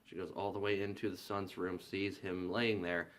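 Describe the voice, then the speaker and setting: A man's voice: sits low, level tone, moderate pace, a bit bright. A man casually recapping a horror film's plot, loose and profane, acting out the characters' lines as he goes. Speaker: movie reviewer.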